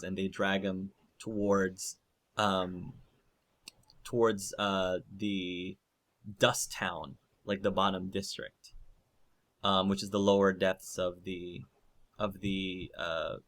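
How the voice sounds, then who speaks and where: A man's voice: sits low, a bit bright. A man narrating a tabletop role-playing game as game master, hesitant and full of ums.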